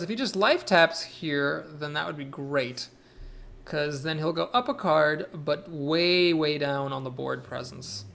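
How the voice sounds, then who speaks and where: A man's voice: on the high side, creaky, fairly bright tone. A young man commentating his own card game, thinking aloud, weighing plays and correcting himself as he goes. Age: young adult. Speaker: streamer playing a card game. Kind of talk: live gameplay commentary.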